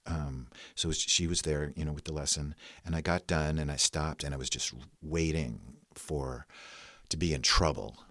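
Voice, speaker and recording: A man from New York, low-pitched, tells a rambling personal story in relaxed conversation. He is self-mocking and says "like" all the time. The recording is close and dry. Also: normal speed, dry recording. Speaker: guest storyteller. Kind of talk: casual spoken storytelling.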